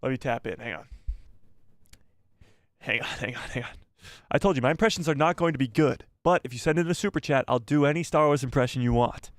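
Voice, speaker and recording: A man's voice: mid-range voice, a little fast, dry recording, studio quality. A man hosting a casual live stream, reading out viewer messages and chatting back to them by name, laughing often, on a headset mic.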